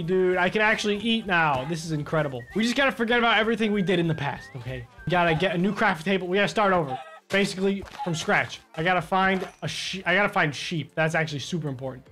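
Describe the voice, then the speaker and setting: A young man with a high voice commentates his own gameplay, excitable and jokingly whiny. He jumps from loud yelps to low grumbles. Quiet background music plays beneath him. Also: fairly quick. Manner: excitable, loud swings between outbursts and mutters; complains in a joking way. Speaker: gaming YouTuber. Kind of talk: let's play commentary.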